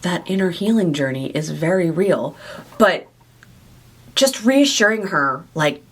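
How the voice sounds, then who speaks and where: A woman hosting a question-and-answer vlog to camera, speaking candidly and warmly about her own weight loss journey and her affection for her viewers. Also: fairly low pitch, lively intonation, unhurried, breathy edge. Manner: candid, heartfelt, confiding. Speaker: weight loss surgery coach and channel host.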